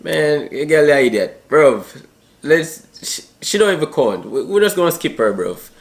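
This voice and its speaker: A man's voice: on the high side, big pitch swings, normal speed, gravelly. A young man with a Jamaican accent chatting casually and joking in slangy banter as a YouTuber. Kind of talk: casual vlog chat.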